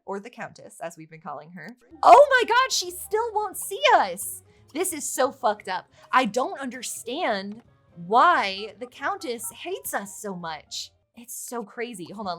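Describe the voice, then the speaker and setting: A woman giving chatty, excitable let's play commentary on her game, swearing freely as she goes. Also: mid-range voice. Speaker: gaming YouTuber.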